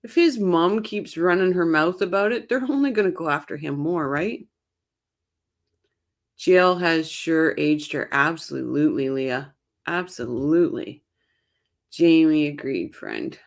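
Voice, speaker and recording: A deep-voiced woman talks a little slowly while hosting a relaxed true crime live stream. She's short on sleep, chatty and opinionated as she responds to her chat, wandering off and restarting her points.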